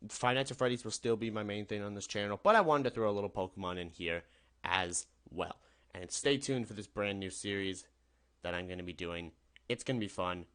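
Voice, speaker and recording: A young man with a fairly low voice that swings up and down a lot as he talks. He rambles cheerfully through casual gaming commentary, often restarting and correcting himself mid-sentence. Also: a bit bright. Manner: upbeat, rambling, self-correcting. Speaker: gaming YouTuber. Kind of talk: casual tier-list commentary.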